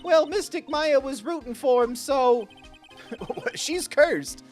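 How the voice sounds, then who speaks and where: A man voicing an excitable little girl in a squeaky, chirpy way, reading game dialogue. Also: slow, faint music behind, full character voice.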